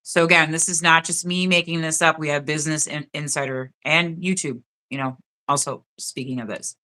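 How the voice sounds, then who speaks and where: A woman's voice: low voice, steady tone, a little fast, pushed and bright. A woman hosting a live stream, reading notes aloud in a chatty way and often checking in with "okay?". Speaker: host of a live spiritual stream.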